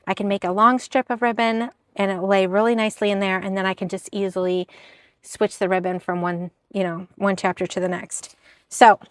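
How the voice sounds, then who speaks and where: A woman's voice: a little high, dry recording, clean studio sound. A woman chatting casually in a haul video, bubbly and self-deprecating as she shows her thrift finds. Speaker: reseller vlogger.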